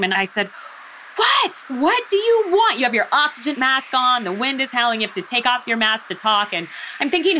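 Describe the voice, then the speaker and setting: A middle-aged woman from the United States speaks as an interview guest, with a bright, forward tone. She tells her story vividly and slips into the voices of her own thoughts and of the people she quotes. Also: on the high side, slight background noise. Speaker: guest, mountaineer.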